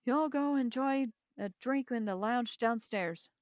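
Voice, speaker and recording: A woman reading aloud as an anxious hotel owner who pleads and soothes a crowd, in a smooth voice. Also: on the high side, a little slow, dry recording, muffled recording, voice pushed up, close to an everyday voice. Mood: pleading.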